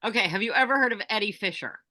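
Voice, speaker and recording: Woman storyteller on a video call, bright, forceful tone, dry close sound. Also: medium pitch, rapid-fire, no room sound. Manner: animated storyteller, acts out quotes. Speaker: bookseller guest. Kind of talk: casual anecdote on a video call.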